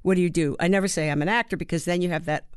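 A woman's voice: on the low side, fairly even intonation, clean tone, no room sound, studio quality. Reflective woman in her seventies. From United States. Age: 70s. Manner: reflective storyteller, halting starts, rhythmic emphasis. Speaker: interview guest, actor and playwright. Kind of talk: conversational interview.

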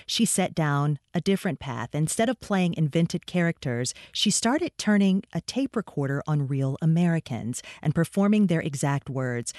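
A woman hosting a public radio interview, speaking in a measured, calm way. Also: low voice, no room sound, clean studio sound.

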